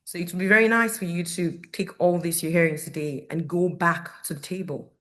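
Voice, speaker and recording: A woman's voice: fairly low pitch, steady tone, a little fast, fairly bright tone. A woman in her thirties, a parent speaking at a community forum, giving candid, earnest personal testimony to an audience. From Canada. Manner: earnest, candid, storytelling with quoted dialogue.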